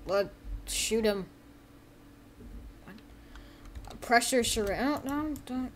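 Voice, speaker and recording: A woman giving casual let's-play commentary. She rambles with many fillers and often breaks into sudden excited yelps. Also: on the high side, drawn-out words, long pauses. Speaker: gameplay commentator.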